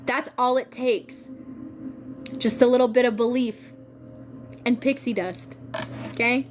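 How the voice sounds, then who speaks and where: Excitable, swearing woman tarot reader. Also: on the high side, unhurried, long pauses, slight background noise. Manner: excitable, swears freely, slangy. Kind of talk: casual spiritual reading.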